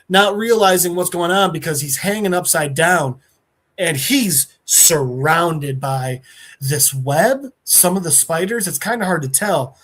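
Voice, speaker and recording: A man on a podcast, recapping a plot in a casual, animated way and briefly acting out the characters' lines. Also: on the high side. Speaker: podcast co-host.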